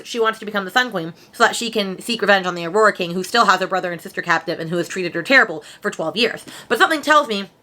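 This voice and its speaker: A woman's voice: mid-range voice, pushed and bright. A woman, chatting casually at home in a book vlog, rambling and full of slang. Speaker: book vlogger.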